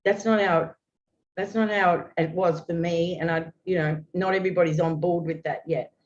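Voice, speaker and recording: A woman's voice: lowish voice, steady tone, moderate pace, a little mellow, a little hiss or hum. A woman in her fifties, a guest talking earnestly and at length, with many restarts. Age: 50s. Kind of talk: open, heartfelt conversation. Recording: dull lo-fi audio.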